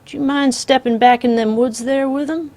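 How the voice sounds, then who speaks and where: A woman voicing a soft-spoken male outlaw with a drawl, polite and menacing. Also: high-pitched, steady tone, normal speed, pitched above the performer's own voice. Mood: calm menace.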